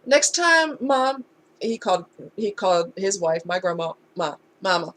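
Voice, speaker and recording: A woman's voice: mid-range voice, very animated, a little slow, fairly bright tone. A woman talking candidly in a casual storytime vlog, conversational and heartfelt. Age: adult. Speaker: vlogger.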